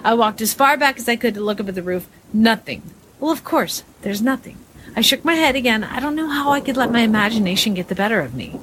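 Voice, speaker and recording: A woman reading a listener's spooky story aloud, dramatic and expressive as she acts out the suspense and fright. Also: fairly high pitch, quick pace, a little hiss or hum.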